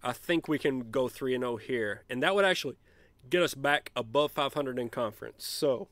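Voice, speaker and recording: A man streaming a college basketball management game, chatting casually and shouting gleeful trash talk when his team wins. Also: medium pitch, normal speed, no room sound. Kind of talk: let's play commentary.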